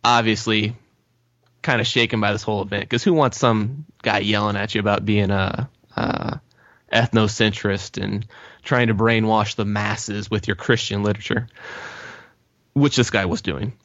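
Low-voiced man telling an anecdote. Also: fairly even intonation, moderate pace, fairly bright tone, dry recording. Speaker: podcast co-host. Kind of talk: casual storytelling chat. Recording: dull lo-fi sound, dry.

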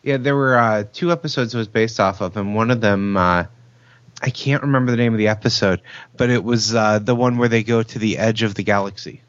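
A man's voice: lowish voice, a little fast, dry recording. Hesitant man in casual chat. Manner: hesitant, many fillers. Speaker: podcast co-host. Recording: dull lo-fi sound.

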